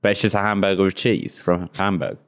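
A man's voice: low-pitched, a little fast. A young man co-hosting a podcast, insistently explaining and arguing his points. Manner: argumentative, explains with emphatic certainty. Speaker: podcast co-host. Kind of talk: casual chat.

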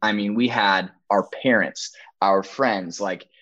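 A man's voice: on the low side, steady tone, slow pace, fairly bright tone. A young man telling a story as a podcast guest, earnest and emphatic, acting out quoted dialogue. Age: young adult. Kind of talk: storytelling testimony. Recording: dull lo-fi audio.

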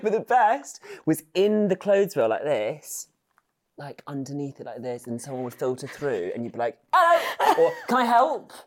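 A man's voice: medium pitch, expressive, normal speed, mellow. A man in his thirties from England, a podcast guest in casual chat, camp and teasing with dry wit. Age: 30s.

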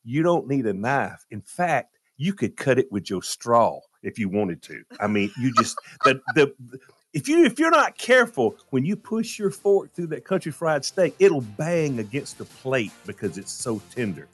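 A man's voice: medium pitch, very animated, normal speed, husky, soft background music. A man telling a comic story on a radio show, dramatic and exasperated as he relives it. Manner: dramatic, jumps into loud exasperated retellings.

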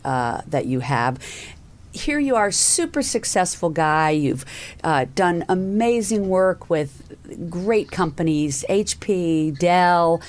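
A woman's voice: low-pitched, darkish tone. A woman with a Southern American accent hosting a podcast interview, effusive and upbeat, with occasional fillers. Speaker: podcast host.

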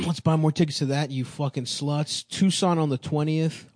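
A man's voice: a little high, unhurried, a little mellow, no room sound, studio quality. Crude, joking male podcast host. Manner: crude, joking, rattles off tour dates. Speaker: podcast host and touring comedian. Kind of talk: casual comedy podcast banter.

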